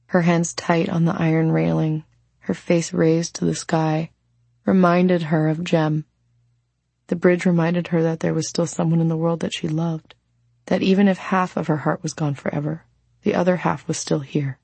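Low, gravelly woman narrating a novel. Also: level tone, moderate pace, warm tone, no room sound. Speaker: audiobook narrator. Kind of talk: scripted narration.

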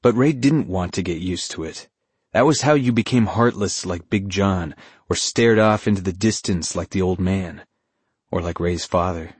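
Guy narrating an audiobook, low husky voice, dry close sound. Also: no room sound. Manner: measured storytelling. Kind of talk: scripted narration.

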